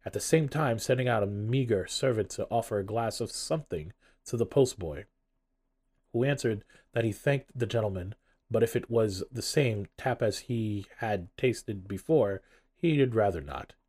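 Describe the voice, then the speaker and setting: A man narrating a classic novel aloud in an expressive, storytelling manner. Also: on the low side, normal speed. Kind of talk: audiobook narration.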